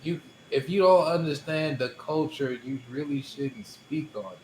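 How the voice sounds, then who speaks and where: A man's voice: a little high, normal speed, a little mellow, reverberant, slight background noise, poor audio. A man co-hosting a podcast in casual chat, speaking modestly and calling his own voice weak. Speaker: podcast co-host.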